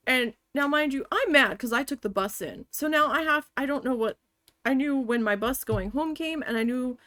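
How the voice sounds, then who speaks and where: A woman's voice: a little high, a bit bright, dry recording. A woman streamer telling a story in casual chat while she plays, blunt and swearing often. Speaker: game streamer.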